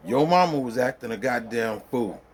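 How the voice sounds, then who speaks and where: A man's voice: medium pitch, expressive, normal speed. A middle-aged man spinning a loose personal story straight to his viewers. His talk is colloquial and rambling, with many fillers, and he often breaks into laughter as he goes. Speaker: vlogger. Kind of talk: casual storytelling.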